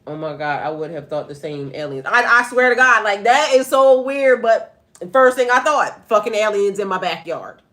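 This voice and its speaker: A woman's voice: medium pitch, animated, moderate pace, fairly bright tone. Chatty, laughing middle-aged woman reading tarot. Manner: chatty, laughing, profane storytelling to viewers. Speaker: tarot reader and spiritual life coach. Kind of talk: casual livestream tarot reading.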